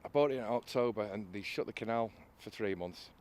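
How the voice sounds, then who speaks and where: A man's voice: lowish voice, brisk, a little mellow. A man telling a story about restoring an old canal boat, hesitating often with uhs and restarts. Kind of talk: casual interview anecdote.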